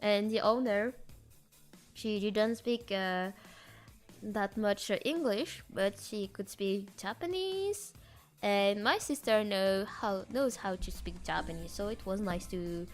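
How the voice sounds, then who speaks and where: A woman with a French accent, a streamer telling stories in casual chat with hesitant fillers and animated delivery. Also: mid-range voice, slow, soft background music. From France. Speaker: VTuber streamer.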